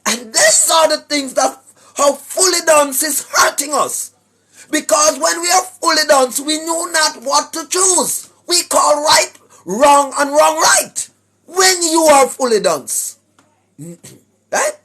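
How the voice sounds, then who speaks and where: A Jamaican man giving a preachy monologue to his viewers, emphatic, often shouting, tagging his points with questions. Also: extremely high pitch, big pitch swings, slow. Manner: emphatic, often shouting, tags lines with "right?". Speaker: online commentator.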